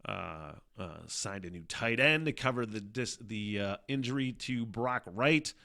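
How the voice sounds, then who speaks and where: A man's voice: fairly low pitch, lively intonation, measured pace, sharp tone. A man hosting his own podcast, talking in a casual, rambling monologue full of profanity, fillers and laughter. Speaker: podcast host.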